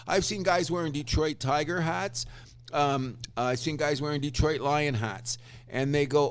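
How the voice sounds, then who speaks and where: A man co-hosting a casual sports podcast, talking in an animated, opinionated way with crude fan banter. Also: a little high, unhurried. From Canada. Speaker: podcast co-host.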